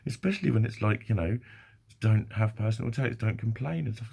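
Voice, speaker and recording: A man talks straight to camera in a rambling, sweary, self-deprecating vlog. His voice is low and gravelly, with a husky, rough grain. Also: a little fast, a little mellow. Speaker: vlogger. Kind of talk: casual monologue.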